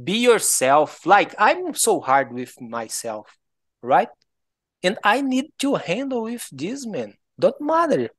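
Speaking English with a Brazilian Portuguese accent, this participant from Brazil chats casually for conversation practice, pausing, restarting frequently, and laughing between phrases. His voice is high-pitched and fairly bright, with no room sound.

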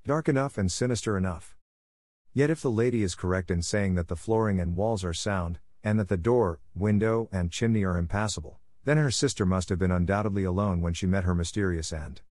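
A composed, clever detective read by a man reasons aloud in a low, even voice. The reading is dry and close, unhurried and wry. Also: dry recording, natural voice. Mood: calm. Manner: calm, measured, wry. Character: calm, sharp-witted male detective.

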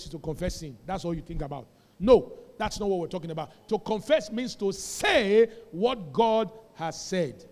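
A man preaching a sermon in a church, animated, often calling the congregation to repeat his words. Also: high-pitched. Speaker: pastor. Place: church sanctuary. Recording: long church hall reverb.

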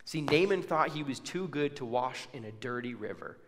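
A man's voice: medium pitch, lively intonation, normal speed, fairly bright tone, in a large hall. A man preaching a sermon, telling a story and acting out the people's words with casual asides. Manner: storytelling with acted-out quotes and asides.

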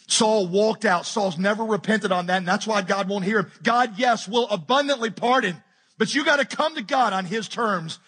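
A man preaching a sermon as pastor, animated and joking as he retells a scripture story. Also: high-pitched, slightly rough. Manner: animated, jokey retelling with acted-out quotes.

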